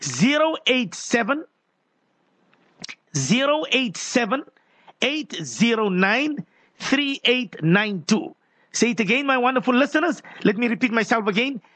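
A man hosting a call-in radio show, slowly repeating a phone number and greeting listeners by name. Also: extremely high pitch, big pitch swings, fairly bright tone, no room sound. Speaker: radio host. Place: radio studio.

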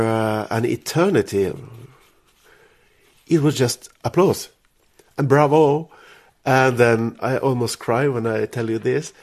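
A man's voice: mid-range voice, vocal fry, darkish tone. Earnest Norwegian man telling a story. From Norway. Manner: earnest, emotional, halting in English. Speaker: interviewee, jazz musician. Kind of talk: personal storytelling in conversation.

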